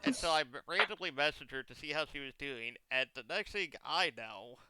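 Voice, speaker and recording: A young man with a very smooth, clear, slightly high voice rambles through a comic story, throwing in exaggerated quoted lines. He sounds close and dry, as if on a streaming mic. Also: expressive, brisk, pushed and bright, no echo. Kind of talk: casual chat.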